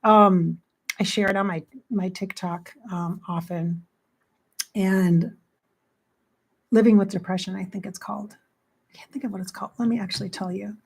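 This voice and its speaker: A woman's voice: mid-range voice, steady tone, normal speed, gravelly, long pauses, husky. A woman life coach talking casually and frankly to her viewers, blunt and chatty, swearing freely and quoting herself as she goes. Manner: chatty, quotes herself with "I'm like". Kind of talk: casual motivational talk to camera.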